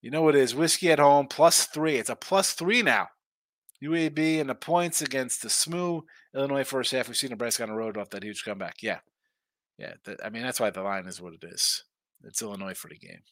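This sports betting show host has a mid-range, somewhat bright voice and talks a little fast, with no echo around him. Running a live stream, he reads what viewers write and jokes back with them in a relaxed, chatty way.

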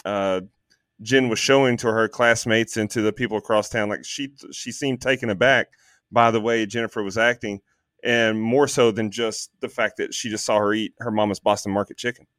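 A man co-hosting a podcast, chatting casually about a movie, animated, swearing freely and filling gaps with ums. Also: fairly low pitch, normal speed, no room sound, studio quality. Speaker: podcast co-host. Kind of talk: casual movie review chat.

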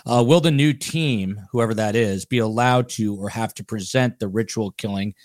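A man with a New Jersey accent hosts a casual podcast panel, loose and a little jokey, leaning on fillers between questions. His voice is low. It is recorded close and dry. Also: normal speed, a little mellow, dry recording. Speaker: podcast host.

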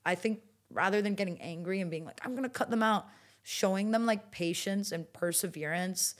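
A woman's voice: medium pitch, normal speed. A young woman in her twenties talking casually as a guest in an interview, with many fillers and restarts. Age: 20s.

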